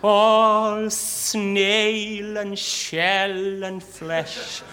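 A man's voice: high voice, little pitch movement, drawn-out words, bright, forceful tone. A man at a club, telling jokes and stories in spoken patter between the sung choruses of a comic folk song. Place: club, live on stage.

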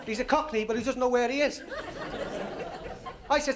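A man's voice: very high voice, fairly even intonation, normal speed. A man with a Liverpool accent doing stand-up, telling jokes and acting out the dialogue in a chatty way. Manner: chatty storyteller who acts out dialogue. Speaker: stand-up comedian. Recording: live club with audience laughter and noise.

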